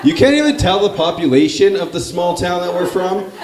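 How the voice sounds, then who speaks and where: A man's voice: sits high, lively intonation, a little fast. A young Canadian man from Northern Ontario doing stand-up comedy, bantering with the audience in a casual, swearing, self-mocking way. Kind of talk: stand-up comedy with crowd work. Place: comedy club with a live crowd. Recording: echoey room, live crowd.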